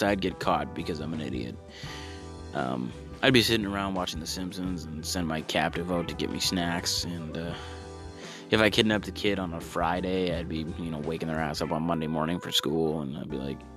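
A man delivers a stand-up comedy monologue in a deep, low voice. He stalls on ums and repeats his words before each punchline. His talk is profane, and faint music plays under the recording. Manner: halting delivery with ums and stammered restarts; profane, acts out loud shouted voices in bits.

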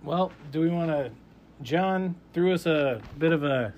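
A man's voice: a little high, a little slow, highs cut off. A man hosting a casual chat, easygoing, laughing often and steering the talk. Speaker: podcast host. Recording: steady background noise.

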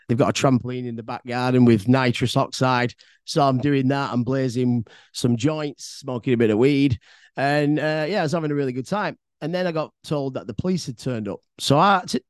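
An English man tells a personal story in a loose, rambling podcast style, swearing freely and often repeating himself as he goes. His voice sits at an ordinary middle pitch, and the recording is dry and close, with no room sound. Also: no room sound. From England. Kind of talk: casual spoken storytelling.

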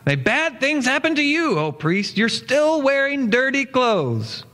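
A man's voice: extremely high pitch, big pitch swings, a little slow, bright, forceful tone, pitched above the performer's own voice, full character voice. A man voicing an evil male magician who shrieks taunts. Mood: spiteful. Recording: long church hall reverb.

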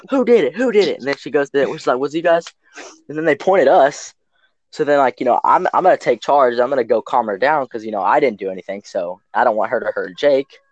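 A young man tells a story in a loose, rambling way, stacking fillers and restarts. His voice sits mid-pitch, and the recording is dry and close. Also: dry recording, poor audio. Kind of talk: casual storytelling.

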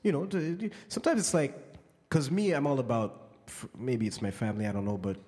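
A man co-hosting a casual chat, animated and teasing. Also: medium pitch, brisk. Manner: animated, teasing, laughs often. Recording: roomy reverb.

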